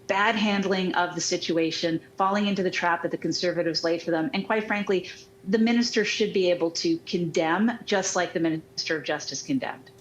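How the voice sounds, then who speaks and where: A woman's voice: fairly low pitch, a little fast, dull audio, slight background noise. A woman giving composed, critical political analysis as a TV panelist.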